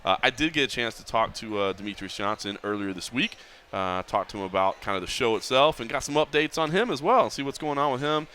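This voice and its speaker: Man, podcast host, quick pace, bright voice, faint ambience behind. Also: mid-range voice, a little hiss or hum. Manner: upbeat, animated, fillers like uh. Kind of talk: casual podcast chat.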